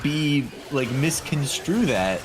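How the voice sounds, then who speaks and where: Playful man with a lively, bouncy voice. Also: fairly high pitch, slow pace, background noise. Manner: playful, joking, giggly, tired. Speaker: gaming friend. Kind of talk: casual late-night gaming chat.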